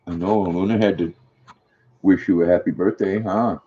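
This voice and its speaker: A man's voice: low-pitched, fairly even intonation, moderate pace, mellow, highs cut off. An older man hosting a casual live stream, chatting affectionately and talking sweetly to his dog.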